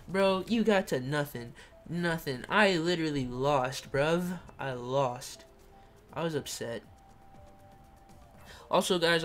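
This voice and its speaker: A young man livestreaming a kart racing game, reading chat and shouting during play. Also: on the high side. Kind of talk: live gameplay streaming.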